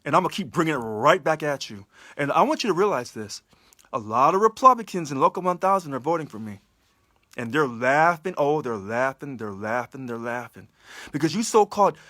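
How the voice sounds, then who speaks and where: A man's voice: on the high side, fairly bright tone, no echo, studio quality. A man giving an impassioned livestream address as a union election candidate, emphatic, full of repeated rhetorical questions. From California.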